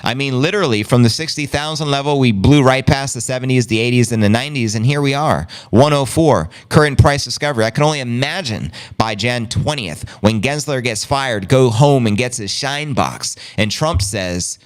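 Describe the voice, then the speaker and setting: A man's voice: medium pitch, a little fast, few pauses. A man hosting a podcast, reading news with brash, jokey, slangy commentary. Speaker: podcast host.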